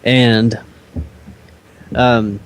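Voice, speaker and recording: A man playing a tabletop game, describing his actions in an unhurried, giggly way. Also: medium pitch, flat delivery, slight background noise. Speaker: player.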